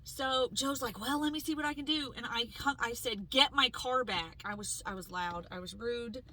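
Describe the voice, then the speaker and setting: A woman co-hosting a podcast, telling a story in casual chat, animated and swearing freely as she acts out what people said. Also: on the high side, moderate pace, a little hiss or hum, rough recording. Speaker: podcast co-host.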